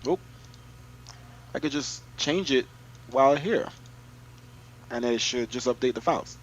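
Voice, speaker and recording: A man's voice: medium pitch, unhurried, highs cut off, a little hiss or hum. A man streaming a flight simulator, chatting casually to his viewers and muttering to himself as he works. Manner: excitable, mutters to himself while clicking through menus; chats to viewers. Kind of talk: casual live-stream commentary.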